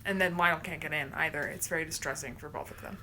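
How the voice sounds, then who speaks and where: A woman chatting casually on a home livestream, rambling and quick to laugh. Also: low voice, pushed and bright, a little hiss or hum. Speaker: livestream co-host. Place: home, indoors.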